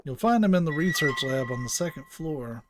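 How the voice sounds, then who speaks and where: A man's voice: a little high, animated, normal speed, noisy background, close to an everyday voice. A man voicing a chatty male receptionist in a casual, offhand way.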